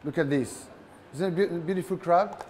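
A chef with a French accent runs a live cooking demo in front of a big crowd. He's playful and teasing with the audience, and his man's voice sits a little on the high side. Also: normal speed, a little mellow, slight background noise.

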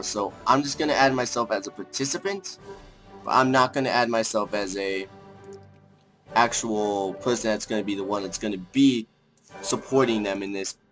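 A young man casually commenting on a strategy game as he plays, thinking aloud, rambling and breaking into excited outbursts, with faint music behind him. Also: fairly low pitch. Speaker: let's play gamer.

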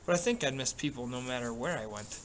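A man's voice: mid-range voice, expressive, quick pace, a bit bright, a little hiss or hum, natural voice, poor audio. A man voicing an earnest, curious young boy in a storybook reading, answering carefully and hesitantly.

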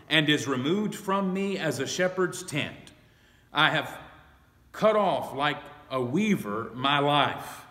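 A man preaching a Bible study sermon, reading scripture aloud slowly and with emphasis. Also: on the high side, sharp tone, echoey room, big-room sound. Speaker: pastor. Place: church sanctuary.

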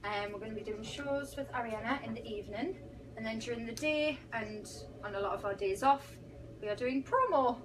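A woman's voice: fairly high pitch, brisk. A British woman, a pop singer being interviewed, chatting and teasing playfully. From Britain. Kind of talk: casual interview chat. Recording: distant mic with background noise.

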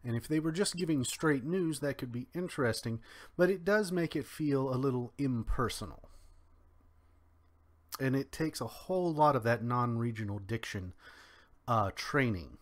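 A young man with a faint Kentucky twang giving solo spoken commentary in a measured, drawn-out way with pauses. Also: medium pitch, animated. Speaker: commentary podcaster.

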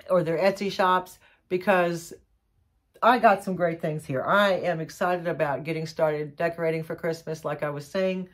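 Gushing low-voiced woman. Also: moderate pace. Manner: gushing, excitable, says y'all a lot. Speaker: vlogger showing a haul. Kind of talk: casual chat to camera.

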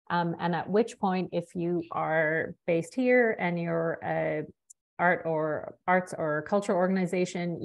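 A woman's voice: deep voice, vocal fry. A woman presenting a funding workshop over a video call, explaining in a loose, conversational way. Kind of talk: webinar presentation.

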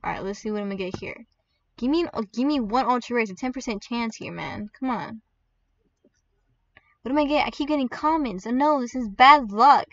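A woman giving chatty, excitable commentary while playing a game, with squeals and laughs as she opens pets. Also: a little high, brisk, distant mic, lo-fi sound, a little hiss or hum. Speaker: gaming video creator. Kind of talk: gaming commentary.

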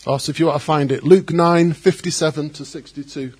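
A man preaches with a fairly high, husky voice. He is animated and breaks into quoted voices as he speaks. His delivery is laced with joking asides. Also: brisk. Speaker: pastor. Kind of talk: sermon.

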